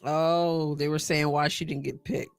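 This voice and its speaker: A middle-aged woman hosting a live stream, chatting casually and excitedly as she reacts to a sports draft and answers her viewers. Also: sits low, measured pace, clean tone, no room sound, studio quality. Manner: chatty and excitable, thinking aloud and talking to chat viewers.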